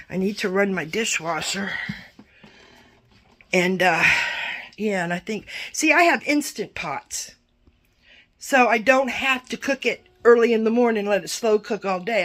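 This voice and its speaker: A woman's voice: mid-range voice, a bit bright. Chatty older woman rambling through a haul. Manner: chatty, rambling, self-deprecating. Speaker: vlogger. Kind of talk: casual grocery haul chat.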